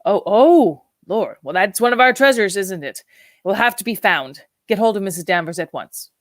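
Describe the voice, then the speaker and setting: A woman's voice: mid-range voice, animated, normal speed, no room sound, studio quality, natural voice. A woman reading the part of a brusque, impatient upper-class husband who speaks in a clipped, exasperated way.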